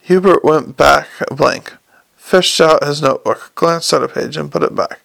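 A man reading an audiobook aloud in steady, scripted narration and voicing each character. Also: fairly high pitch, unhurried, gravelly, no room sound. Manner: even storytelling, voices each character.

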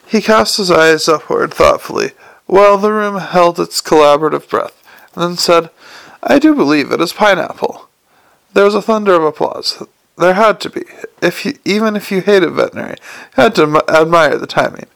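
A man narrating a novel aloud in a wry, measured reading with occasional slips. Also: high-pitched, creaky, a bit bright, poor audio. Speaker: audiobook narrator.

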